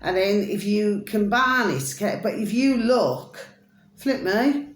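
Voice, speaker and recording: A British woman vlogs to camera in a rambling, chatty monologue full of pet phrases and sing-song asides. She speaks with a British English accent at a slow pace in a medium-pitched voice, and the sound is roomy.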